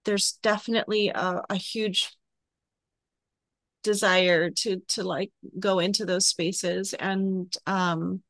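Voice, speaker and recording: A woman's voice: medium pitch, fairly even intonation, slow pace, a bit bright, no echo. A woman hosting a spiritual podcast, talking in a gushing, emotional way as she thanks her guest. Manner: emotional, gushing, tearful at times. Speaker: podcast host. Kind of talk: casual spiritual interview chat.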